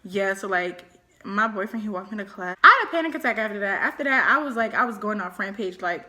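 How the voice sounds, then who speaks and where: Lively young woman telling a story. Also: mid-range voice, quick pace. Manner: animated, slangy, acts out quotes. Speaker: storyteller co-host. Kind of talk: casual storytime chat.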